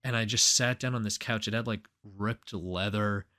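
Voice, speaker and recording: A man's voice: lowish voice, steady tone, normal speed, pushed and bright. Crude, profane young man telling stories. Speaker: podcast co-host. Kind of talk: casual chat.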